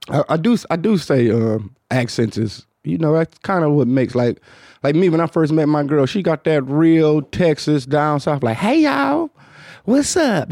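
A man with a Detroit accent hosting a casual podcast, talking in a low, mumbled, rambling way with lots of fillers and swearing. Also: mellow, no room sound, clean studio sound. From Detroit, United States. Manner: low-toned, mumbled, hard-to-follow delivery; loose, profane, rambling with many fillers. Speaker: podcast host. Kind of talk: casual chat.

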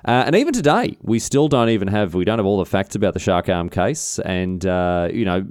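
A man's voice: sits low, expressive, a little fast, a little mellow, clean tone, dry recording, studio quality. A man with an Australian accent hosting a comedic history podcast, rambling and mock-indignant, swearing casually as he tells the story. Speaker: podcast host.

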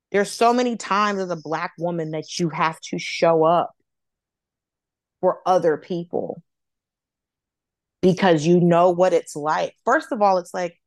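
A woman from Atlanta, a comedian guest, telling a story in casual chat, animated and profane, acting out other people's voices. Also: fairly low pitch, no echo. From Atlanta, United States.

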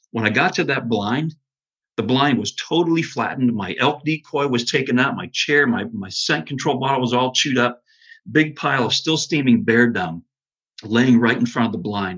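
Husky-voiced man, earnest storyteller. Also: medium pitch, normal speed, lo-fi sound. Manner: earnest, animated storyteller with many restarts. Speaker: podcast guest, bow hunter. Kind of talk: storytelling in casual conversation.

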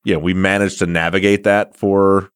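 A man's voice: low-pitched, flat delivery, moderate pace, clean tone, no room sound, studio quality. An American man hosting a podcast interview, chatty and rambling, laughing often as he tells stories. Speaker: podcast host. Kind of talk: casual interview chat.

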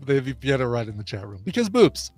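A man's voice: medium pitch, steady tone, fast, no room sound, soft background music. Jokey man with a dry, close voice. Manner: jokey, playful banter. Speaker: podcast co-host. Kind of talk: casual chat.

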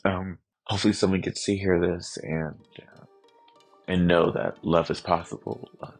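A man giving a heartfelt personal testimony as a podcast guest, halting and full of fillers. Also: low-pitched, steady tone, faint music behind.

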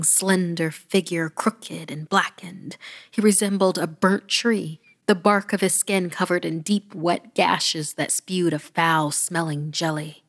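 A woman's voice: on the low side, vocal fry. A woman narrating a first-person horror story, often dropping to a whisper with dramatic pacing.

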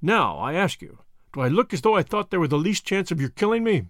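A man's voice: high voice, very animated, brisk, fairly bright tone, no room sound, studio quality. A man voicing a cocky, flippant young Englishman. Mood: scornful. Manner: confident, mocking. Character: cool, flippant young Englishman bluffing captors.

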